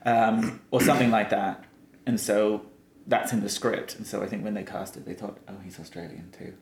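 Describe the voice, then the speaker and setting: A man's voice: lowish voice, steady tone, normal speed. A man co-hosting a podcast, explaining details at length in casual chat. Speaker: podcast co-host. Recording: echoey room.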